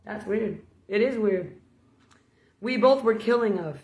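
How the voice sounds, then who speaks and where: A woman's voice: mid-range voice, animated, unhurried, darkish tone, echoey room. Woman preacher telling a playful story. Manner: storytelling, playful, laughs between points. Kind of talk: informal sermon vlog.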